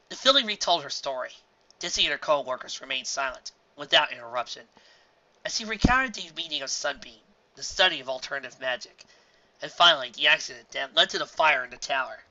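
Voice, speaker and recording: Woman narrator, bright voice, animated, dull lo-fi recording. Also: low voice, fairly quick. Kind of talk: audiobook reading of fan fiction.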